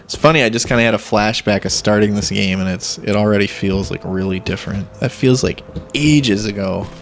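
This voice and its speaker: A man's voice: on the low side, fairly quick. A man casually rambling to himself as he plays a video game and records his commentary. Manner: rambling, self-talk while playing. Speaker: let's play host.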